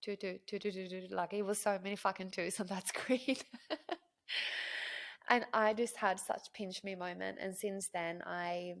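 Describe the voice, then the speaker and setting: Gravelly-voiced woman telling a story. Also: medium pitch, moderate pace, few pauses. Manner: animated, emotional storyteller who acts out dialogue. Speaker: podcast host. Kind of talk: personal storytelling monologue.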